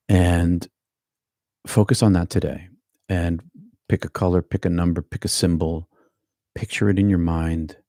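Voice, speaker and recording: A middle-aged man with a Boston accent, giving a calm, unhurried live-streamed meditation talk and chatting with his viewers. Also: low voice, no room sound, studio quality. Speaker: meditation teacher.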